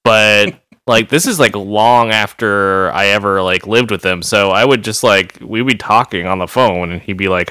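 A man's voice: on the low side, moderate pace, sharp tone, smooth, no echo. Laughing, rambling man, dry sound. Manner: laughs often, rambling asides. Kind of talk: casual chat.

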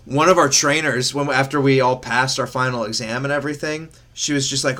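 Young man, casual chat, swearing, animated storytelling. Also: mid-range voice, fairly quick, hardly any pauses. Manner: profane, animated storytelling with laughter.

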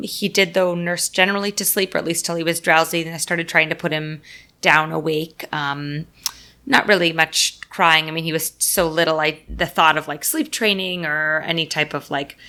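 Bright-voiced woman chatting quickly. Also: fairly low pitch. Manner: chatty, quick, laughs often, acts out voices. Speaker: podcast co-host. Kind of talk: casual chat about baby sleep.

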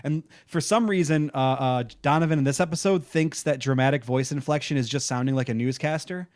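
A man's voice: medium pitch, a little fast, darkish tone, no room sound, studio quality. A man co-hosting a podcast in casual chat, laid-back and joking, laughing often and swearing freely. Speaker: podcast co-host.

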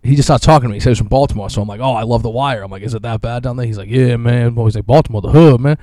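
A man's voice: medium pitch, steady tone, racing, darkish tone, no echo, clean studio sound. A young man, telling stories loosely and profanely as a podcast co-host. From Boston. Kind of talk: casual chat.

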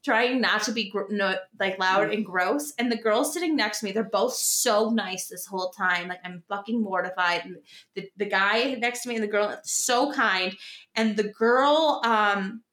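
A woman in a casual chat, telling an animated story full of quoted voices and the odd swear word. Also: medium pitch, moderate pace, reverberant. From Denver area, United States.

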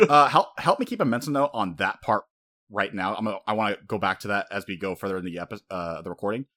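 A man with a somewhat low voice talks through a story in a loose, rambling way. He keeps drifting into quoted lines as he retells scenes, and the whole thing sounds like a relaxed podcast chat between friends. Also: quick pace. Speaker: podcast co-host. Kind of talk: casual anime discussion.

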